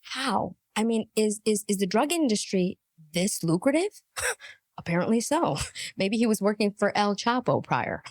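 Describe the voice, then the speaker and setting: A woman's voice: medium pitch, sing-song, measured pace, darkish tone, no echo, clean studio sound. A woman giving amused, mocking reaction commentary, often laughing at what she watches.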